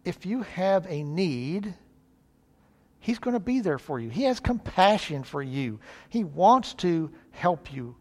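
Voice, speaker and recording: A man's voice: high-pitched, big pitch swings, slow pace, darkish tone. A male preacher, giving an earnest, folksy sermon.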